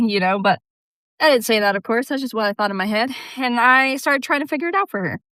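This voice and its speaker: A woman's voice: on the high side, animated, quick pace, sharp tone, dry recording, clean studio sound. A young woman telling a casual storytime rant about work, sarcastic, swearing and laughing often. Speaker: vlogger.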